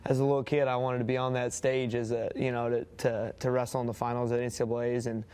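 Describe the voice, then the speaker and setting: Flat-voiced young athlete, quick and modest. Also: male voice, mid-range voice, smooth. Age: young adult. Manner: modest, halting, lots of restarts. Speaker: athlete interviewee. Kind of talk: casual interview.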